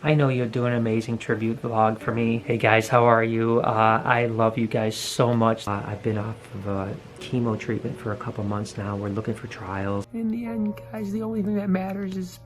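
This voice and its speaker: A man hosting his vlog, speaking sincerely to his viewers and pausing often with fillers. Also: mid-range voice, slight background noise, rough recording. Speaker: vlogger host. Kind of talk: heartfelt farewell to viewers.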